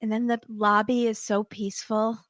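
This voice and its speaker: A woman's voice: on the high side, level tone, normal speed, fairly bright tone, no echo. A woman guesting on a podcast, recapping a reality show episode in a wry, gossipy way and laughing as she goes.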